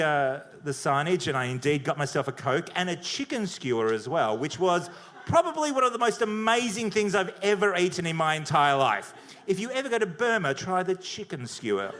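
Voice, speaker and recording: A man with a fairly high voice tells a story on stage with animated, profane punch. His delivery swings and lands each beat for laughs. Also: normal speed, slight background noise. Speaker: comedian debater. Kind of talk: stand-up storytelling. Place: comedy venue with audience.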